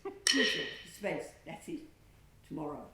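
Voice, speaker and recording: A woman theatre director coaching actors through a rehearsal, enthusiastic and calling out sharp commands. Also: big pitch swings, unhurried, creaky. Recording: echoey room, faint rumble.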